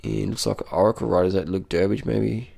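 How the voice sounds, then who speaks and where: A man's voice: on the low side, steady tone, a little fast, creaky, darkish tone, slightly rough. A man giving casual running commentary on race footage as a cycling vlogger, blunt and profane, repeating short phrases.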